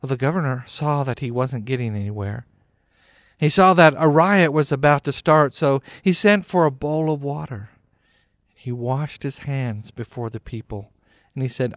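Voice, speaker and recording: A man's voice: mid-range voice, normal speed, dry recording. A man narrating a Bible story in a plain, conversational way, often starting with "well".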